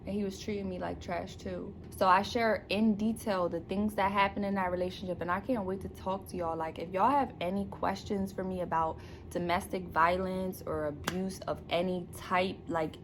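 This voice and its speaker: A woman's voice: on the low side, fairly even intonation, normal speed, noisy background. A young woman talking straight to camera about her new book, bubbly and laughing as she goes. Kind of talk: casual excited vlog to camera. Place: alone indoors at home. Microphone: camera mic.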